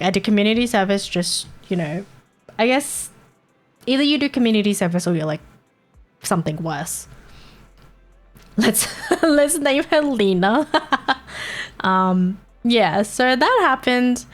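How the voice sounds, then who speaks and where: Woman streamer just chatting, swears a lot, laughs between bits, soft music under it. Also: medium pitch. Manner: candid, swears freely, chuckles between points. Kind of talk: casual storytelling chat. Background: faint background music.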